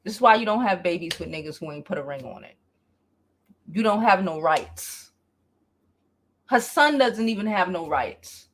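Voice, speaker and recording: A woman's voice: fairly low pitch, animated, moderate pace, pauses often, slight background noise. A woman giving reactive vlog commentary in an emphatic, exasperated, profane rant. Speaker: commentary vlogger.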